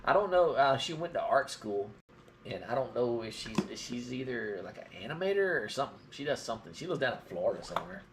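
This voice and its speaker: A man's voice: medium pitch, sing-song, quick pace. Middle-aged guy w a light southern drawl rambling on a live stream, bit of hiss behind him. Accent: mild Southern US drawl. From Georgia, US. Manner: rambling storyteller. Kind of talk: casual live-stream chat.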